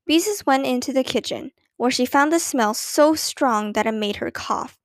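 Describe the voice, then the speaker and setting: Woman reading a kids' story aloud, high voice, dry close sound. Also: expressive, moderate pace, dry recording. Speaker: audiobook narrator. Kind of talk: storybook narration.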